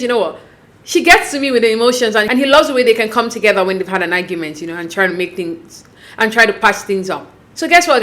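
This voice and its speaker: A woman casually recapping a reality show episode, chatty and animated, acting out what the cast members said. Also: fairly high pitch. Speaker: recap vlogger.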